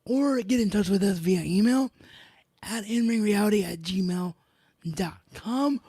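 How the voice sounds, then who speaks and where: A woman's voice: mid-range voice, a little slow, warm tone, slightly rough, dry recording. A woman hosting a live solo review of a wrestling show, enthusiastic and fond of repeating emphatic words.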